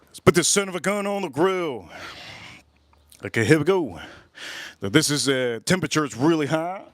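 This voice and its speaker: A man talks to his livestream audience while cooking at a grill, circling back over the same phrases and punching certain words with sudden loudness. His voice sits a little high, and the sound is close and dry with no room echo. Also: animated, normal speed. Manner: rambling, repeats phrases, bursts of loud emphasis. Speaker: livestream host.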